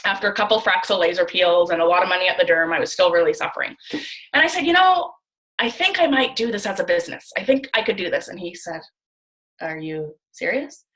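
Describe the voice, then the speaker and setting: Bright, chatty woman on a video call. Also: fairly low pitch, fast, rough recording. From Canada. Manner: chatty, animated, acts out quoted dialogue. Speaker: guest speaker on a training call. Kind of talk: casual storytelling on a video call.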